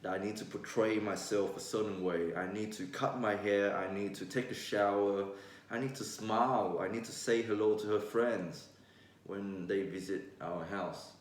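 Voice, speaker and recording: A man's voice: lowish voice, fairly even intonation, normal speed. Young man, blunt vlogger, roomy distant sound. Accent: mixed Vietnamese-Australian. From Vietnam. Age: 20s. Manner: blunt, candid, swears freely. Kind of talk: casual monologue to camera. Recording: roomy echo, voice away from mic.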